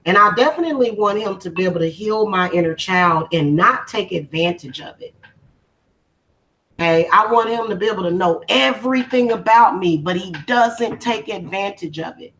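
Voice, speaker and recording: A woman's voice: medium pitch, animated, moderate pace, fairly bright tone, poor audio. A woman hosting a spiritual channel, talking casually on a livestream in a heartfelt, emotional, informal way.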